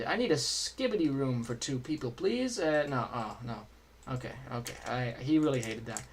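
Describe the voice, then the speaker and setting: A man's voice: mid-range voice, very animated, normal speed. A man streaming a video game, chatting and joking casually as he plays and answers chat. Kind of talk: casual gameplay commentary.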